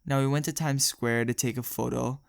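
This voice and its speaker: Gravelly young man telling a rambling story. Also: mid-range voice, fairly even intonation, fairly quick, no room sound, studio quality. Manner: rambling, jokey, laughs often. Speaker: storytime vlogger. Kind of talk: casual storytelling.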